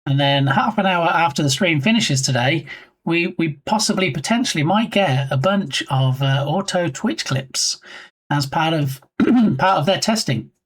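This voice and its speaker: A man's voice: fairly high pitch, lively intonation, measured pace, husky. Playful, joking male streamer. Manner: playful, jokey, teasing chat. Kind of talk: casual live-stream chat.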